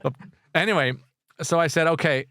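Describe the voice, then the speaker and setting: A man's voice: on the high side, moderate pace, pushed and bright, no echo, studio quality. A middle-aged Irish man hosting a live podcast, rambling in a chatty, easygoing way and laughing often. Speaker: podcast host. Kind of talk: casual live chat.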